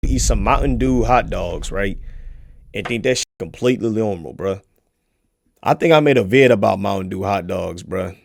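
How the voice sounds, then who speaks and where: A man streaming, giving crude, joking commentary as he reacts to a video, swinging from loud outbursts to mumbled asides. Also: lowish voice, animated, moderate pace, vocal fry, no room sound.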